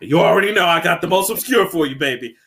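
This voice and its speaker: A young man co-hosting a casual gaming podcast chat, excitable and animated, laughing often as he talks. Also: fairly high pitch, fast talker, creaky, slight background noise. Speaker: podcast co-host.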